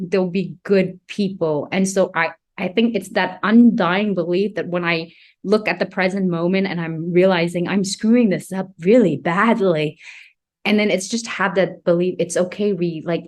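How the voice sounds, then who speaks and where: Earnest woman host, low voice. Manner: earnest, reflective, often restarts and searches for words. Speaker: podcast host and mother. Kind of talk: personal storytelling in conversation.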